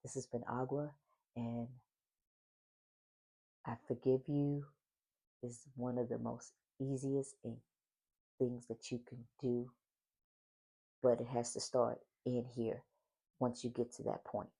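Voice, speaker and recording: Gravelly, warm-voiced man hosting a faith podcast. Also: mid-range voice, flat delivery, takes it slowly, long pauses. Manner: repeats affirmations, speaks with a smile in the voice. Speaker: podcast host. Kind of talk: solo faith-based encouragement monologue.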